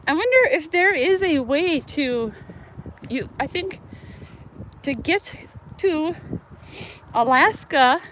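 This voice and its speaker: A woman's voice: sits high, animated, takes it slowly, long pauses. A woman from North Dakota with a slight Upper Midwest accent, chatting on a live stream with rambling talk full of fillers and restarts. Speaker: vlogger co-host. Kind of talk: casual live-stream chat. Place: outdoors on a beach, then in a car. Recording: noisy live phone stream.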